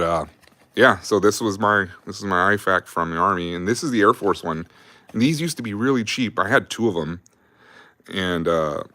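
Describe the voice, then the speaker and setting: A man's voice: sits low, a bit bright, dry recording, studio quality. A young adult man telling army stories on a livestream in a casual, rambling, profane way, laughing often. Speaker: livestream host.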